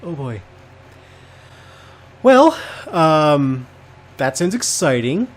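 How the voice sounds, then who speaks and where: A man's voice: fairly high pitch, very animated, drawn-out words. A man co-hosting a comedy podcast in casual chat, playing along with mock disbelief. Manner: incredulous, playing along, laughing. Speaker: podcast co-host.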